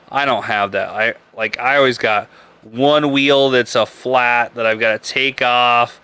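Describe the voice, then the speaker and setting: A man's voice: mid-range voice, fairly even intonation, unhurried, sharp tone, clear, resonant tone. A man hosting a live beer podcast, rambling and joking crudely, laughing often. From Nebraska. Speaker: podcast host. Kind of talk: casual live-stream beer chat.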